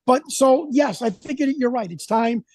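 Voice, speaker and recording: A man's voice: very high voice, animated, moderate pace, a little mellow, husky, no echo. A man talking as an interview guest, rambling and indignant as he tells his story. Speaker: independent researcher, guest. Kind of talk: casual interview conversation.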